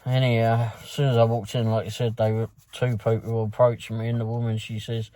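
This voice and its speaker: A man's voice: medium pitch, monotone, a little fast, warm tone, no echo. Rambling London man recapping his night. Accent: London English. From London, England. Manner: rambling, loose storytelling with many fillers and restarts. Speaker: food delivery driver. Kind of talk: casual recap of a work night.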